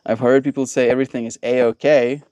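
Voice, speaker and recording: A man's voice: mid-range voice, little pitch movement, a little fast, a little mellow, no room sound. A man hosting a live stream, chatting casually with viewers and laughing often. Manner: playful, laughs often, mock voices for viewers. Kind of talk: casual live-stream chat reading chat messages. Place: outdoors with mosquitoes.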